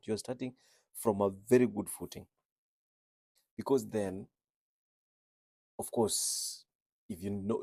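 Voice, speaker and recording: Speaking low with vocal fry, a registered nurse whose first language isn't English reflects on what it means to talk with an accent. His tone is dark and slightly rough, and there's no room sound. He comes across as earnest, repeating phrases to stress his points.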